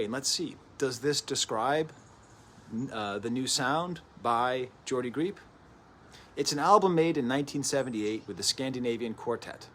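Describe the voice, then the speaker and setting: A mid-pitched man in his thirties talks through an album review in a loose, digressive way, doubling back and tacking on asides. He's recording at home early in the day. A faint hiss sits underneath his voice. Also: fairly bright tone. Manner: chatty and digressive, with frequent restarts and asides. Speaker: host of a music review show. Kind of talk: casual spoken record review.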